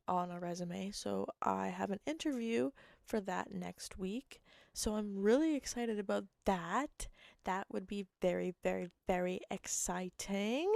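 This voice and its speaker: A young woman hosting her own podcast, hoarse and rambling, jumping between thoughts and cutting herself off. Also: mid-range voice, a little mellow, no room sound, studio quality. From Canada. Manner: rambling, jumpy, self-interrupting. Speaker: podcast host. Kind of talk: casual solo chat.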